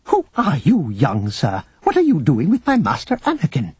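A man's voice: a little high, wildly swooping pitch, moderate pace, husky, dry recording, lo-fi sound, pitched above the performer's own voice, heavily acted. A man voicing a fussy, prim male protocol droid. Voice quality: prissy, fussy.

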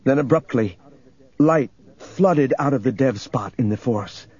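A man's voice: mid-range voice, measured pace, darkish tone, husky, dull audio. A man narrating a novel as a scripted audiobook reading, telling the story evenly.

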